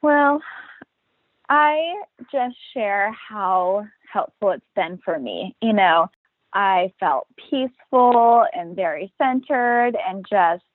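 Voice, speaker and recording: A woman's voice: mid-range voice, no room sound. Matter-of-fact woman on a tinny line. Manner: matter-of-fact, upbeat, acts out quoted voices. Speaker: guest. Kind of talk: casual interview talk. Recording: dry, tinny phone-like line.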